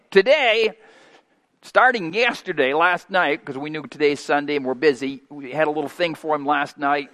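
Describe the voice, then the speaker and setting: A man in his fifties preaching a sermon as pastor, folksy and homespun, moving from quiet asides to loud, emphatic preaching. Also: fairly high pitch. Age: 50s. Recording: long hall reverb.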